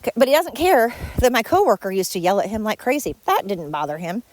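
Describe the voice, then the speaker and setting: A woman's voice: big pitch swings, brisk, no echo. A middle-aged woman hosting her own podcast, venting sarcastically about former coworkers. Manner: venting, sarcastic, mimics others in high voices. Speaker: podcast host. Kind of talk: solo podcast rant.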